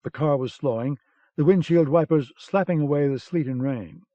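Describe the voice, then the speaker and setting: A man narrating a novel in a steady, measured way for an audiobook. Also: a little high, no room sound. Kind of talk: scripted narration. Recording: dull cassette-era audiobook sound.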